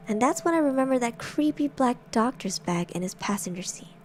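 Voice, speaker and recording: A young woman streamer narrating horror stories in a soft, hushed semi-ASMR style, with giggly asides. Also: on the high side, animated, fairly quick, hardly any pauses, soft background music.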